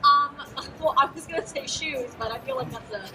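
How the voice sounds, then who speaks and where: A woman's voice: high-pitched, moderate pace. Bubbly teen girl, heard from far off. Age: teens. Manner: bubbly, giggly, many fillers. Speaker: guest actress. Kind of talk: live stage Q&A. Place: auto show stage with a crowd. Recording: distant mic with loud music behind. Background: music.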